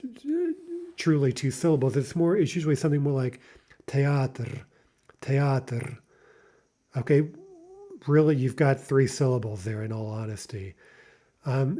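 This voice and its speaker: A man with a mellow, warm voice gives a relaxed online pronunciation lesson. He talks through his points with fillers and restarts, and he says each example word twice, slowly. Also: mid-range voice. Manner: frequent fillers and self-corrections. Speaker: language teacher.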